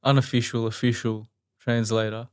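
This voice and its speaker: A man hosting a podcast, chatty and quick with questions and reactions. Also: mid-range voice, level tone, a little mellow, no echo, clean studio sound. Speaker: podcast host. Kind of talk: casual interview.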